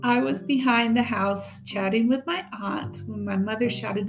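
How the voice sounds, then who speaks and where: A woman teacher reading a memoir aloud in a steady, measured storytelling voice. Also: a little high, faint music behind.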